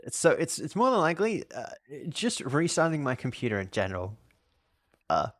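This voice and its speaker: A man's voice: a little high, huge pitch swings, moderate pace, dry recording. An Australian man streaming a game and chatting casually, rambling and restarting his sentences as he answers chat. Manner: reads out and answers chat questions. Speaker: live streamer.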